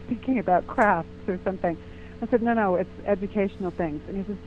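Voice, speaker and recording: A woman guest telling a story in a lively way, acting out the quoted voices. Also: mid-range voice, fast. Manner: animated, acts out quoted voices. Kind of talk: casual storytelling. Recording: tinny phone line with faint noise.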